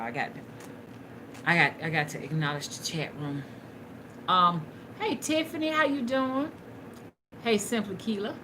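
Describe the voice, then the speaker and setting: A woman's voice: mid-range voice, background noise. A woman, rambling and chatting casually to her viewers during a live stream while she works, with some cussing. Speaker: spiritual reader hosting a live stream.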